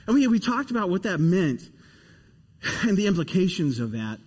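A man preaching a sermon, telling a story with animated, emphatic repetition before leading a prayer. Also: high-pitched, moderate pace, long pauses, slightly rough, in a large hall. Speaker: pastor.

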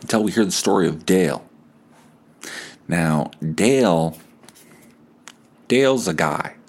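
A man's voice: deep voice, lively intonation, quick pace, breathy edge. A male podcast host improvising a story, rambling and laughing at himself. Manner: rambling, laughs at his own tale.

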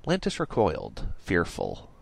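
A man reading an audiobook aloud in a playful, expressive way. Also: deep voice, unhurried, gravelly, no echo. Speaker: audiobook reader. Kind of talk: audiobook narration.

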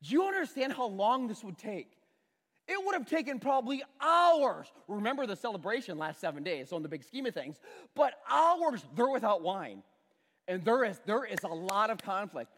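Animated male pastor in echoing hall. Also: high voice, normal speed. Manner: animated storytelling, acts out characters and uses a prop. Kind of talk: sermon. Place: church sanctuary with audience. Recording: church hall with long reverb.

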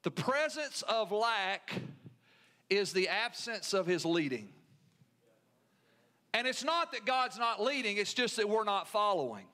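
A man's voice: sits high, sing-song, a little slow, long pauses, bright, forceful tone. A man with a Southern US accent preaching a sermon as pastor, with emphatic repetition and call-and-response to the congregation.

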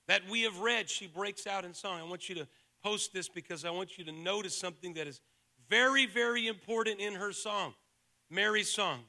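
A male pastor preaching a sermon to a live congregation. He moves from soft-spoken teaching to shouted, fervent preaching and calls on the listeners to answer aloud. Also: high voice, gravelly. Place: church sanctuary with a live congregation.

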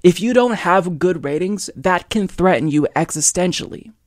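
Male commentary host, fairly high voice, dry close sound, pressing his points firmly. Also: expressive, normal speed, no room sound. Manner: emphatic and persuasive, addresses viewers directly. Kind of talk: opinion commentary monologue.

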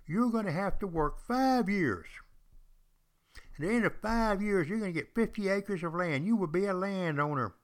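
A man voicing a smooth-talking recruiter who sells passage across the sea. He talks in a salesy, coaxing way and repeats his words. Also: high-pitched, animated, moderate pace, pitched above the performer's own voice. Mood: persuasive. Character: smooth-talking English ship recruiter, male adult.

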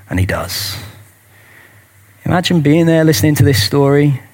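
A man's voice: mid-range voice, fast talker, darkish tone. A man preaching a sermon and leading a prayer in an earnest, intimate manner. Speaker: pastor.

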